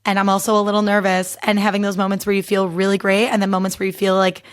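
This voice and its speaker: Speaking fast in a mid-range voice, a young adult woman recaps things on her solo podcast with a completely flat delivery. She chats casually and openly, and "like" shows up constantly in her speech.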